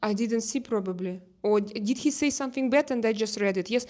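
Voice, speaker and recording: A young woman with a Russian accent chatting casually on a phone live stream, halting with fillers and restarts, reading chat messages. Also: on the high side, mellow. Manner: halting, many fillers and restarts, laughs easily. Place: home terrace.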